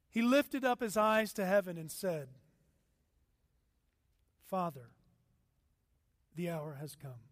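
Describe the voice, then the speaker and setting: High-voiced animated pastor preaching. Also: male voice, dry recording. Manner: animated, acts out quotes with shifting loudness. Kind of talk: sermon.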